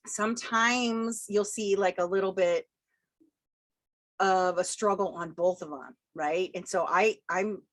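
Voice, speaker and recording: A middle-aged woman giving a casual college lecture, chatty and quick to laugh, acting out quotes in playful voices. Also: medium pitch. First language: English. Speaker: college instructor.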